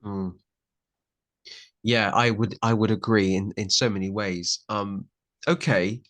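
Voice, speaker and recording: A man's voice: on the low side, steady tone, slow, fairly bright tone. A man hosting a podcast, chatting casually with a guest and rambling into jokes with many restarts. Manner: joking, rambling, self-interrupting. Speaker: podcast host. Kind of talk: casual interview chat.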